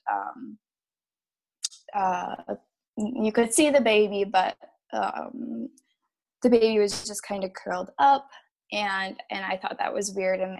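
A woman in her thirties telling a personal story, halting and choked up, with nervous laughs. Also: mid-range voice.

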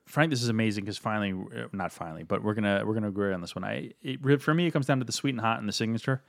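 Casting: male co-host, lowish voice, quick rambling delivery, casual and profane, dry room. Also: vocal fry, dry recording. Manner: rambling, self-correcting, profane. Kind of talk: casual tasting chat.

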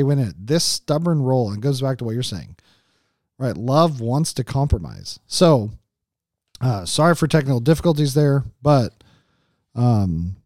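A man's voice: mid-range voice, a little mellow, no room sound, clean studio sound. A man co-hosting a Christian marriage podcast, teaching in a casual, conversational way with frequent "like" and "right?" and many restarts.

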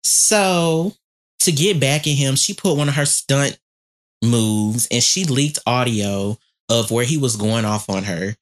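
A woman's voice: rumbling low, lively intonation, slow. A woman co-hosting a podcast, recapping gossip in a sassy, profane way while talking around a dental retainer. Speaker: podcast co-host.

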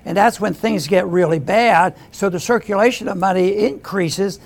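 An older man hosting an economics talk, speaking haltingly with restarts and throat clearing. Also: high-pitched. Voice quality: gravelly, husky. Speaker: host. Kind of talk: economics commentary.

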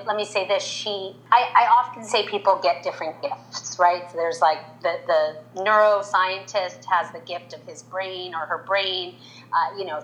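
A woman in her forties, a veteran makeup artist, telling a personal story in an interview and acting out the quoted lines. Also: poor audio. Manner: animated, acts out quotes in higher voice.

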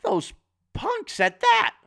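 A woman's voice: wildly swooping pitch, slow, vocal fry, fairly bright tone, no echo, clean studio sound, full character voice. A man voicing an overbearing middle-aged mother who shrieks in scandalized outrage. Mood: outraged. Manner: shrill, scandalized.

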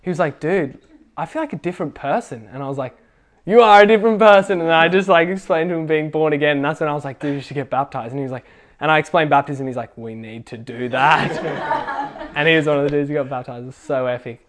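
A young man telling a faith testimony at a casual youth gathering, excitable and full of fillers. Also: a little high, fast. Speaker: youth group speaker.

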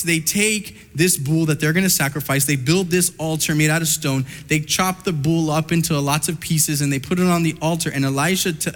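A man preaching a sermon who retells a Bible story in an animated way and speaks directly to his listeners. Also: on the high side, long reverb tail.

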